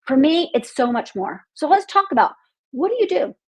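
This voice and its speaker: A woman's voice: high voice, big pitch swings, normal speed. A woman hosting a marketing podcast, speaking bluntly with profanity and a fired-up, outspoken manner.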